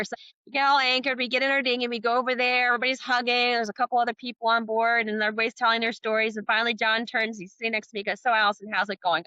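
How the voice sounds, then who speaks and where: A woman's voice: a little high, flat delivery, very fast, pushed and bright, clean tone, no room sound, muffled recording. A middle-aged woman, a sailor and author, telling her story as a podcast guest and acting out the dialogue.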